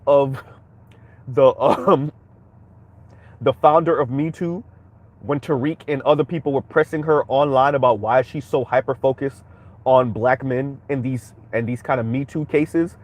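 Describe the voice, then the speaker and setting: A man's voice: fairly high pitch, moderate pace, no room sound. A man hosting a commentary stream, reacting bluntly and heatedly while speaking straight to his viewers. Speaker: commentary channel host.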